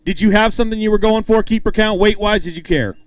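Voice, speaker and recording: At a fishing tournament weigh-in, a male emcee with a high-pitched, fast voice calls anglers up, reads out their weights, and jokes with them on stage. He's upbeat and hypes each one. The recording is dry.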